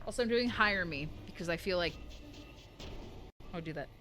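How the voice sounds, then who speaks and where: A woman's voice: lowish voice, lively intonation, normal speed, sharp tone, soft background music. A young woman streaming a game live, chatting with her viewers and reading their messages aloud. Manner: chatty, reads chat aloud, bursts of laughter.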